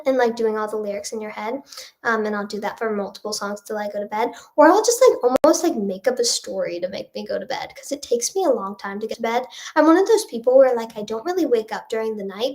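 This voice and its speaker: A young woman with a nasal voice, a singer-songwriter answering chat questions in a casual livestream, rambling with lots of fillers. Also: on the high side. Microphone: phone or webcam livestream.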